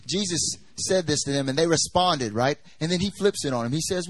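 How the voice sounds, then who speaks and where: A man's voice: fairly high pitch, animated, fairly quick, few pauses, no room sound, poor audio. A young man preaching a sermon at a church service, talking in a loose, conversational way full of "like" and "you know", and acting out the voices he quotes.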